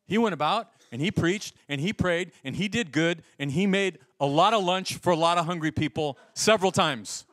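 A male pastor preaching a sermon in an animated storytelling way, acting out the voices in his stories. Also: high voice, normal speed, hardly any pauses, no room sound, clean studio sound.

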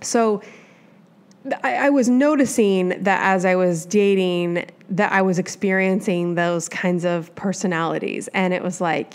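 A woman's voice: lowish voice, a little slow, clean tone. A woman from the Midwest hosting a solo advice podcast, talking in a chatty, rambling way with lots of asides. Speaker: podcast host.

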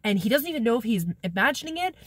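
A woman with a high voice that swoops up and down, recapping an old novel for her camera in a loose, rambling way. Her humor is sarcastic, and she giggles and swears casually. The sound is close and dry, with no room around it. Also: sing-song, rapid-fire, fairly bright tone, breathy edge, no room sound. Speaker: book vlogger. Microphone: camera mic, talking to a camera viewfinder.

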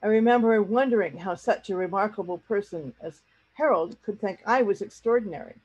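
Husky woman reading a story to learners. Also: mid-range voice, darkish tone, lo-fi sound. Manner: pauses to explain words to learners. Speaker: teacher. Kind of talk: reading a story aloud to a class.

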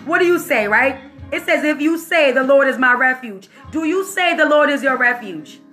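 A woman minister delivers an informal prophetic word in a high, bright voice. She preaches with lively energy, drops into casual slang and laughs often. Faint music plays behind her. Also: moderate pace.

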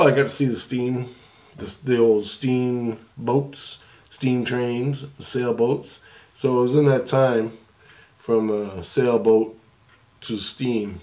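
A man's voice: mid-range voice, steady tone, takes it slowly, warm tone. A man casually telling about a dream in a rambling way, swearing and restarting his sentences often. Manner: rambling, profane, with many restarts.

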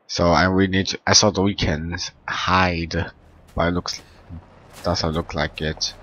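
Deep-voiced young man doing game commentary. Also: takes it slowly, muffled recording, slight background noise. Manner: excitable, swears, broken English. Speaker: gameplay commentator. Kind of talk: let's play commentary. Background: game music.

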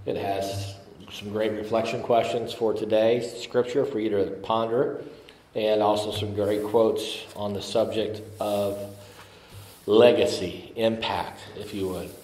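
A man's voice: fairly low pitch, level tone, unhurried, darkish tone, roomy sound, faint music behind, poor audio. A man preaching a sermon as pastor, talking in a conversational way with fillers and emphatic repetition. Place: church sanctuary.

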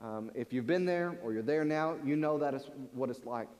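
A man's voice: medium pitch, moderate pace, darkish tone. A man preaching a sermon in earnest, often repeating words as he presses a point. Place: large church sanctuary. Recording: long church-hall reverb.

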